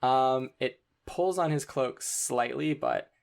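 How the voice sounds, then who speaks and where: Gravelly-voiced game master narrating a tabletop game. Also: mid-range voice, slow pace. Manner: casual, filler-heavy narration with frequent ums.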